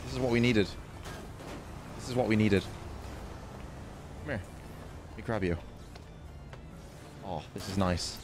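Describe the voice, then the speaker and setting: A man streaming a roleplay game, excitedly repeating himself and issuing in-character threats. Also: lowish voice, unhurried, long pauses, music in the background. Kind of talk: live game commentary.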